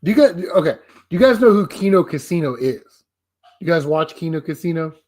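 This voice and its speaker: A man's voice: fairly high pitch, animated, brisk, a little mellow. A man hosting a casual live stream, rambling, swearing and making fun of himself. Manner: rambling, profane, self-deprecating. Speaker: livestream host.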